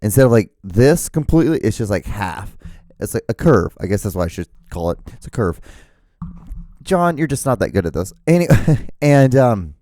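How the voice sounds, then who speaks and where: A man's voice: lowish voice, very animated, moderate pace, mellow, dry recording, clean studio sound. A man in his thirties hosting a solo podcast, rambling and profane, self-mocking, with lots of fillers and restarts. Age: 30s. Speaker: podcast host.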